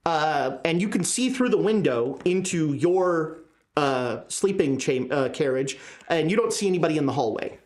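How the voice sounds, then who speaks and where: A game master narrating a tabletop horror game, pausing often with filler words. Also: mid-range voice, lively intonation, darkish tone. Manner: hesitant, many filler words.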